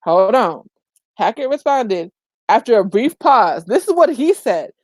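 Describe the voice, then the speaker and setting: A woman's voice: on the high side, sing-song, measured pace, dry recording. A woman giving emphatic, opinionated commentary in a casual vlog, full of exclamations and slangy asides. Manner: colloquial, says "child" and "girl" often. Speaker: vlogger.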